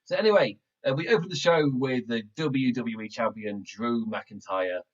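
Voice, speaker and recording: Excitable man on muffled backup audio. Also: medium pitch, normal speed. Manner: excitable and rambling, laughs often. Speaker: wrestling podcast host. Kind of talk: casual show review.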